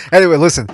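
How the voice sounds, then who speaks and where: A man hosting a boxing podcast in casual chat, blunt and quick to swear and laugh. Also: dry recording, studio quality. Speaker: podcast host.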